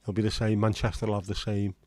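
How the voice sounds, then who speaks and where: Low-voiced guy chatting away on a livestream, dry close sound, reads out comments. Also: level tone, fast talker, darkish tone, no room sound. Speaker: livestream host. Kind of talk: casual livestream chat.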